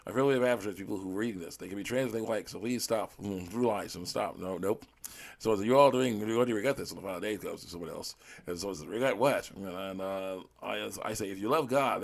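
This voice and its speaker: A man's voice: on the low side, vocal fry. A man hosting his own channel, reading viewer comments aloud and answering them in a rambling way, with many "mm" fillers and short laughs.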